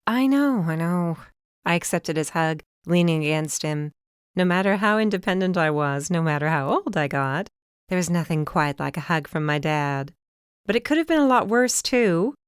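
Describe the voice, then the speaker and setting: Clear, low-voiced woman narrating wryly. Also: normal speed, no echo, studio quality. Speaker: audiobook narrator. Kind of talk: first-person scripted narration.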